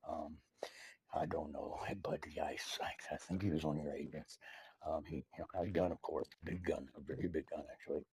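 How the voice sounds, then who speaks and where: A man rambling to camera in a halting, mock-earnest monologue full of hesitations, addressed to the president. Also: rumbling low, fairly even intonation, darkish tone, husky, rough recording. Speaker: video maker addressing the president.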